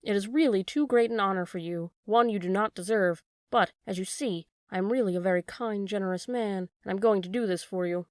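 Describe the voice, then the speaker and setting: A woman's voice: medium pitch, brisk, hardly any pauses, a little mellow, no echo, studio quality, close to an everyday voice. A woman voicing a hearty country farmer who is pleased with himself, speaking boastfully in a storybook reading. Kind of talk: storybook read-aloud.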